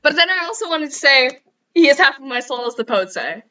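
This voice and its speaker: A woman's voice: high-pitched, very animated, brisk, bright, forceful tone, distant mic, dull audio. A young woman streamer chatting casually, rambling and giggling at herself. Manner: giggly, rambling, self-mocking. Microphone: headset.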